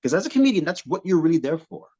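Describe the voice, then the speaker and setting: Animated comedian from Montreal. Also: male voice, a little high, rapid-fire, muffled recording. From Montreal, Canada. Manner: animated storyteller, slips into funny voices and accents. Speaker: comedian guest. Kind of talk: casual podcast chat with impressions.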